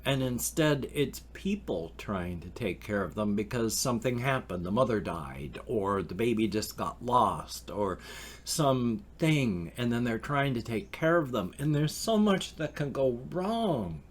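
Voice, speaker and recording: A man's voice: mid-range voice, sing-song, measured pace. A man in his fifties talking casually and emotionally in a rambling vlog monologue. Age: 50s. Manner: emotional, rambling, talks of crying over animals. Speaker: vlogger.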